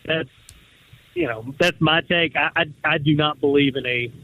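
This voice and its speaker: Lawyer caller on a tinny phone line. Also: male voice, fairly high pitch, expressive, moderate pace, gravelly, no echo. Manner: earnest, hesitant with repeats. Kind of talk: casual phone call.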